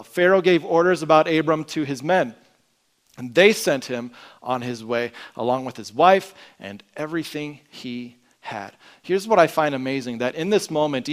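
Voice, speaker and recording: A man preaching a sermon in an earnest way, often dropping to a quiet emphasis at the ends of phrases. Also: fairly high pitch. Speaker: pastor.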